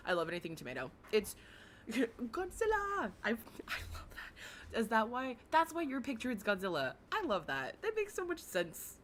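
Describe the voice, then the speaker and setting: A young adult woman with a raspy voice, chatting casually and rambling on a livestream, often giggling, with many fillers. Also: mid-range voice, wildly swooping pitch, measured pace, fairly bright tone, slight background noise. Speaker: livestream commentary host.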